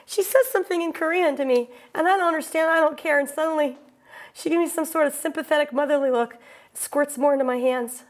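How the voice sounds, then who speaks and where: A woman's voice: high-pitched, fairly quick. A woman performing a wry, breathless theatrical monologue from a solo stage show.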